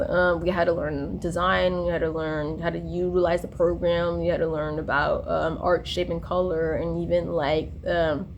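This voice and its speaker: A woman's voice: fairly low pitch, a little hiss or hum. A young woman talking in a rambling personal vlog, drifting between stories with many fillers and restarts. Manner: tangential, full of fillers and restarts. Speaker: vlogger.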